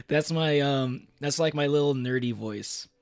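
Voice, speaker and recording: A man's voice: mid-range voice, clean tone, no room sound. A young man streaming, chatting casually to his viewers in a rambling way, with many fillers and restarts and frequent laughs. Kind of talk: casual livestream chat.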